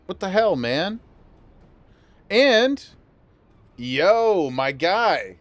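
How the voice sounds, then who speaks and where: A man's voice: high voice, sing-song, very slow, no echo. A man streaming a game, chatting casually and enthusiastically thanking viewers. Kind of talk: casual gameplay livestream chat.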